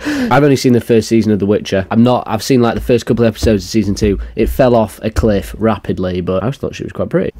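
A man's voice: fairly low pitch, quick pace, warm tone, no echo. A young man casually reacting to memes, crude and jokey, rambling with restarts. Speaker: meme reaction streamer. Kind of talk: casual meme reaction commentary.

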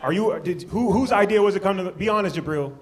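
A man's voice: sits high, expressive, fast. A man doing crowd-work stand-up, teasing and playfully roasting audience members at a live show. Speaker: comedian. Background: audience laughter and chatter.

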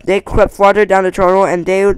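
Casting: amateur male reader of a storybook, high smooth voice, stumbling delivery. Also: little pitch movement, rough recording. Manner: halting, stumbling, many restarts. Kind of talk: reading a novel aloud.

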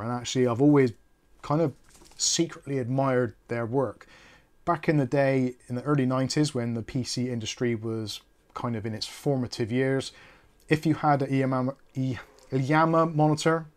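Chatty man hosting a tech stream. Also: medium pitch. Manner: rambling, jokey, self-correcting. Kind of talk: live-stream chat.

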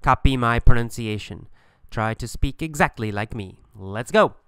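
A man's voice: medium pitch, moderate pace, clear, resonant tone, dry recording, studio quality. A man teaching English through a funny mini story, asking and answering simple questions with strong emphasis. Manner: animated, repetitive, emphatic questioning.

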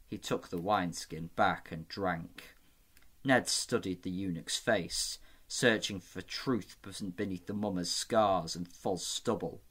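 A man reading a fantasy novel aloud as an amateur audiobook narrator, steady and measured. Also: low voice, husky. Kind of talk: scripted narration.

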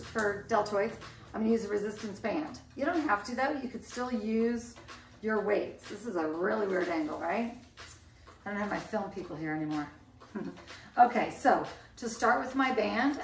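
A woman's voice: medium pitch, recorded from a distance, slight background noise. A woman fitness instructor leading a band workout, counting down reps with upbeat cues and chatty asides. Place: indoor room, filmed alone. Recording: echoey room, off-mic, faint music.

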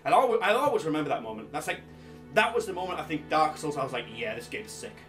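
A young man giving loud, excitable, swear-filled gameplay commentary, shouting often. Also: on the high side, quick pace, recorded from a distance, faint music behind. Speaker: gaming YouTuber.

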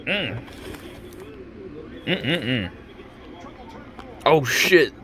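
A man vlogging from a speedway grandstand on a handheld phone, hoarse, loud, excitable and swearing freely. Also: medium pitch, extremely slow. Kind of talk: casual vlog from a race. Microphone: handheld phone camera. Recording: loud crowd and outdoor noise. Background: roaring race crowd.

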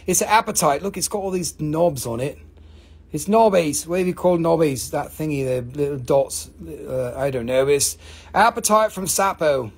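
A live-stream seller of rocks and crystals who talks in a casual, joking, profane and excitable way. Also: mid-range voice, normal speed, slightly rough. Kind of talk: casual live sales chat.

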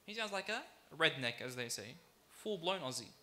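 Bright, high-voiced man preaching. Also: animated. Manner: emphatic, with deliberate repetition; addresses the audience as brothers and sisters. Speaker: sheikh giving a religious talk. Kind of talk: sermon.

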